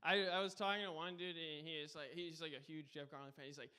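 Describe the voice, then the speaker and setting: A man's voice: fairly high pitch, steady tone, fast, bright, forceful tone, clean tone. A man guest hosting a live comedy show, doing a loose, rambling stand-up set. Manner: loose, rambling, says dude a lot.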